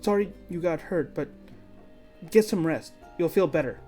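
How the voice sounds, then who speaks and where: A man's voice: fairly high pitch, normal speed, mellow, soft background music, voice pushed up, close to an everyday voice. A man doing an eager six-year-old girl. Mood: earnest. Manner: eager, gushing, tumbling words.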